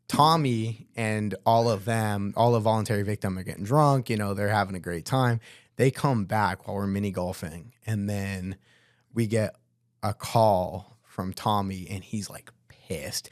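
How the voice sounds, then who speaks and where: Young guy, kinda low voice, super casual and slangy, dry close sound. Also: measured pace, no room sound. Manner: laid-back, slangy, says "bro" and "like" a lot. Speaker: guest vocalist. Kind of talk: casual podcast storytelling.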